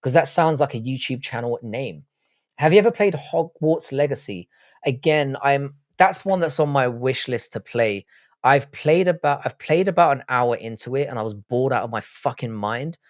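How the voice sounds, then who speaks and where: A man's voice: medium pitch, animated, normal speed, no room sound, clean studio sound. A man from Ireland with a British accent, hosting a livestream and chatting casually and bluntly as he reads out viewer comments, swearing freely. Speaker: livestream host.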